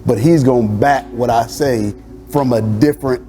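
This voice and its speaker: A man hosting a church talk show as a pastor, telling family stories in a lively, animated way. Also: medium pitch, normal speed, over music. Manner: animated storyteller, acting out family dialogue with laughter. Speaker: pastor and host. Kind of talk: casual conversation.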